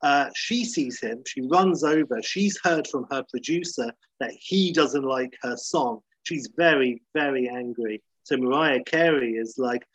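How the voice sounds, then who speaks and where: A man's voice: mid-range voice, unhurried, hardly any pauses, a bit bright, slightly rough, dry recording, poor audio. A man casually retelling a comedy episode, chatty and full of fillers. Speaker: comedy recapper.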